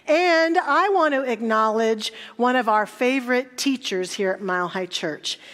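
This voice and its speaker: A woman's voice: fairly high pitch, measured pace. A woman minister welcoming a church congregation and making announcements, chatty and joking, a little jet lagged. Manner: warm, joking, then reverent. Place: church sanctuary.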